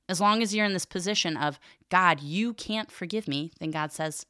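A woman's voice: fairly low pitch, normal speed, few pauses, pushed and bright, no room sound, studio quality. A woman podcast host who teaches theology, reading a catechism aloud and explaining it earnestly, with frequent fillers and restarts.

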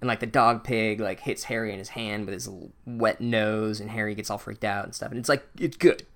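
A man's voice: lowish voice, steady tone, a little fast, fairly bright tone. A man hosting a casual comedic book recap, speaking in a sarcastic, profane, rambling way. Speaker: podcast host recapping a book.

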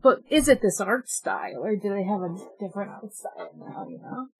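A woman joking around on a casual podcast, her pitch jumping all over as she talks. Her voice is husky with a gravelly edge. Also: fairly quick, soft background music, low-quality recording. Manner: lively and joking. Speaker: podcast co-host. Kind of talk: casual chat.

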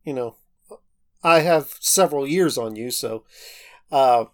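A man's voice: medium pitch, a little slow. A man co-hosting a casual movie review chat, talking in a laid-back, easygoing way. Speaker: podcast co-host.

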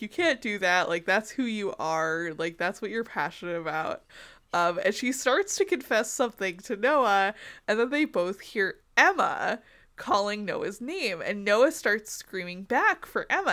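A woman co-hosting a podcast who gives a fast, animated recap of a TV episode, laughing and saying "like" a lot. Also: medium pitch. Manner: animated retelling, heavy use of 'like', frequent laughter. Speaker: podcast co-host.

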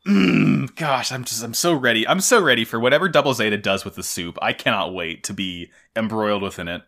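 Brisk and lowish-voiced, a podcast co-host chats casually, laughing a lot and bubbling with jokey, animated fan enthusiasm.

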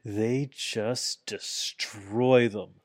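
A man with a lowish voice chats casually on a podcast, retelling events with energy and slipping into quoted voices. The sound is dry and close, with no room around it. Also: extremely slow, no echo. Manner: animated retelling, acts out quotes, swears casually. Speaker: podcast co-host. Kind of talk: casual chat recapping wrestling.

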